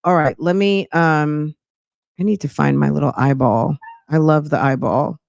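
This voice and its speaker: A woman's voice: sits low, unhurried, creaky, darkish tone, no echo, clean studio sound. A woman from New Jersey hosting a reaction channel, chatting casually with sassy, judgy asides. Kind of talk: casual commentary.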